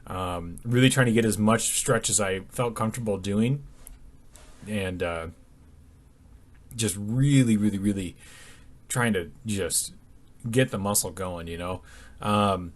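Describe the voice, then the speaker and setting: A man's voice: lowish voice, measured pace, long pauses. A young man talking casually over his workout footage, sleepy and yawning, with lots of ums and restarts. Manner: rambling, many ums and restarts. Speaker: fitness vlogger.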